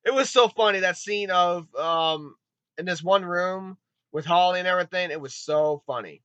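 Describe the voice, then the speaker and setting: A man giving a rambling, excitable spoken movie review, swearing often and retelling scenes with quick put-on voices. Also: high-pitched, clear, resonant tone, no echo, muffled recording. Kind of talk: casual spoken film review.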